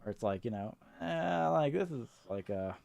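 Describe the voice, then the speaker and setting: A man's voice: medium pitch, lively intonation, normal speed, vocal fry, a little mellow. A man co-hosting a casual chat about games, rambling with lots of filler words and the odd swear. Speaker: podcast co-host.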